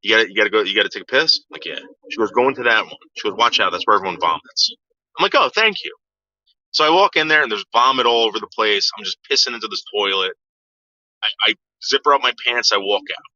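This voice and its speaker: A man's voice: lowish voice, quick pace, bright, forceful tone. A man telling a story from his past in a casual, profane way, acting out the voices of the people he quotes. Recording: dull lo-fi sound.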